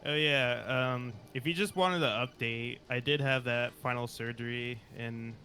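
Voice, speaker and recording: Pria penelepon ragu-ragu lewat sambungan panggilan berderau. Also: male voice, medium pitch, steady tone, unhurried, pushed and bright. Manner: hesitant, many ums. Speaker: caller. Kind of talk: call-in chat. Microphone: online voice call. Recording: noisy, choppy voice call.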